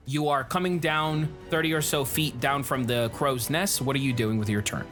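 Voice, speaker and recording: A man's voice: mid-range voice, normal speed, hardly any pauses, a bit bright, faint music behind. A man running a tabletop game, narrating the action in a casual, descriptive way. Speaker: game master.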